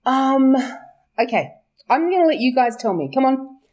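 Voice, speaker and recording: A woman's voice: high-pitched, animated, normal speed, darkish tone. A young woman, chatting casually about her book's characters, laughing often, swearing and correcting herself as she goes. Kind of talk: casual chat.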